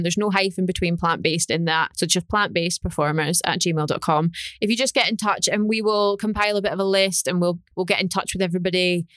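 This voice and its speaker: A woman co-hosting a podcast in casual chat, candid and quick to laugh. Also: on the low side, a bit bright, smooth, no echo. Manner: candid, chatty, laughs often. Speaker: podcast co-host.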